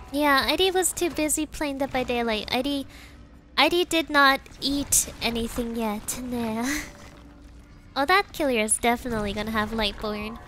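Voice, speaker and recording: A woman's voice: high-pitched, unhurried, pushed and bright, slight background noise. A woman streaming a game, commenting dramatically and ranting at opponents, slipping Japanese words in and talking about herself in the third person. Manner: dramatic, frustrated rants at the game. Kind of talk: live gameplay commentary.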